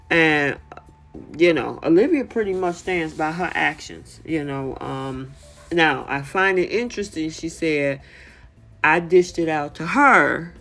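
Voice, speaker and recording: A woman with a somewhat low voice talks through a reality TV recap. She is chatty and opinionated and fills her talk with "I mean" and "you know". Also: darkish tone. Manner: chatty and opinionated, many fillers. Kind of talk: casual commentary recap.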